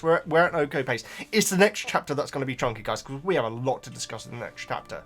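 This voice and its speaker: A man's voice: on the high side, animated, fairly quick, faint music behind. Rambling man chatting to viewers. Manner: rambling, stammering repeats, frequent asides. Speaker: book reaction host. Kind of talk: casual chat to viewers.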